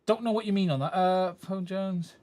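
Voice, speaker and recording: A man's voice: high-pitched, moderate pace, a little mellow, dry recording. A man chatting through a live-streamed repair at his workbench, thinking aloud as he works and talking to his viewers. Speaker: streamer repairing a radio controller. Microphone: desk mic, swaps mics during the stream.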